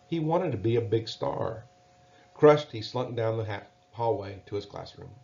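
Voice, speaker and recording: A man reading a children's storybook aloud in a gentle, measured way. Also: on the low side, lively intonation, vocal fry. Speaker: narrator. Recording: dull lo-fi recording.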